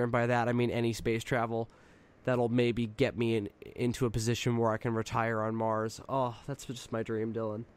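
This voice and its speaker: A man co-hosting a podcast, casual and profane, joking and laughing often. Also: mid-range voice. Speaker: podcast co-host.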